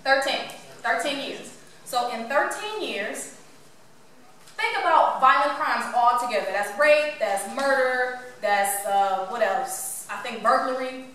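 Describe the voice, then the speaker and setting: A motivational speaker from Cleveland, Ohio, shares her story with a live audience, her voice high and lively and her pace slow. She's playful and keeps putting questions to the room. The sound is echoey and distant, with faint room ambience and slight background noise.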